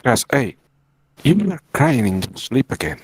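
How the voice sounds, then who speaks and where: A man's voice: medium pitch, very animated, a little slow, husky, no room sound. A worried comic-book partner coaxes someone out of a bad dream, read aloud by a man. His voice moves up and down with concern, and the sound is close and dry.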